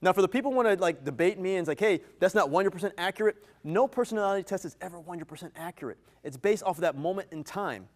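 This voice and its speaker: High-voiced energetic male keynote speaker. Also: very fast, few pauses. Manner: energetic, playful, teasing the audience. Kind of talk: interactive live keynote. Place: event venue with a live audience.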